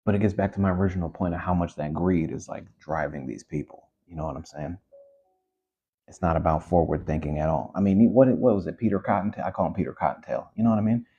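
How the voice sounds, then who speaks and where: Low husky man ranting casually. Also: fast talker, dull audio. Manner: animated, repetitive, conversational with fillers. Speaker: commentary host. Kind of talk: casual opinion rant.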